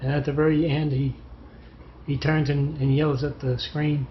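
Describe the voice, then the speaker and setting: A man's voice: fairly high pitch, flat delivery, moderate pace, muffled recording, a little hiss or hum. A man telling rambling, digressive stories and parables, recorded on a phone. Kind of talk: rambling spoken storytelling.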